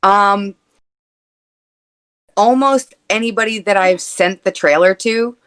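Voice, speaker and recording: A woman guest on an interview podcast, talking candidly and earnestly with quick playful quips. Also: medium pitch, noisy background. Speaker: guest, content creator and actor. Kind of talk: casual interview chat.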